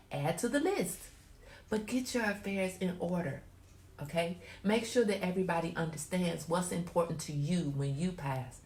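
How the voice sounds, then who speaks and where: A woman's voice: lowish voice, expressive, normal speed, a little mellow, a little hiss or hum. A woman hosting a casual livestream, chatty and emphatic, giving motherly advice to viewers. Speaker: host. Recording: roomy echo.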